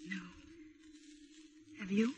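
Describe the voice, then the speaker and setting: A young woman playing an earnest college girl in love, speaking softly in an old radio drama. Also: drawn-out words, slight background noise. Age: young adult. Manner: soft, earnest. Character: shy young female college student in love. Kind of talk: 1940s radio acting. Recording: old radio recording with music.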